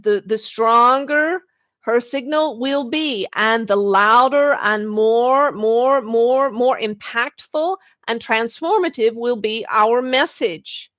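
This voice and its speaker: Give me a woman with a fairly high voice giving a channeled teaching, speaking as "we", with repeated phrases and soft murmurs. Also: highs cut off. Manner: speaks as a collective "we", calls the listener "dear". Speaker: spiritual channeler. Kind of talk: channeled spiritual teaching on a livestream.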